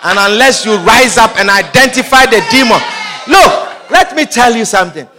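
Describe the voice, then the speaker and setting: A man preaching a sermon in an emphatic, repetitive manner, often shouting and laughing. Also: very high-pitched, lively intonation, normal speed, a crowd in the background, background noise.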